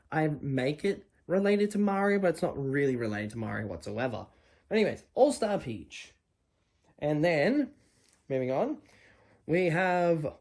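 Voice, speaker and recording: A young woman with an Australian accent, chatting casually and jokingly as she shows off her plush collection in a vlog. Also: low voice. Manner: chatty, animated, jokey and self-deprecating. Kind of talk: casual show-and-tell vlog.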